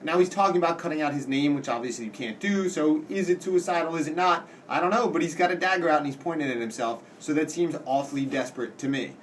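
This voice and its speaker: A man giving a casual lecture as a teacher, explaining in plain words and reading quoted lines slowly with dramatic weight. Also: on the high side, distant mic, slight background noise. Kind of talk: casual classroom-style lecture.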